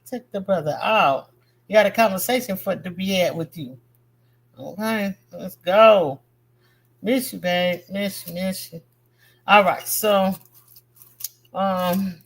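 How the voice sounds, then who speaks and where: Speaking slowly and pausing often, a woman with a mid-range voice teaches a painting lesson on a live stream. The art teacher is chatty and encouraging, addressing her viewers directly and bantering with the chat in a casual, slangy way.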